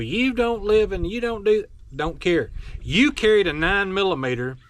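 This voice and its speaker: Guy, high voice, folksy and mocking, lecturing his viewers on a vlog. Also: a bit bright. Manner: blunt, scolding, folksy, with mocking asides. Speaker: firearms vlogger. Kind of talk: opinionated rant to camera.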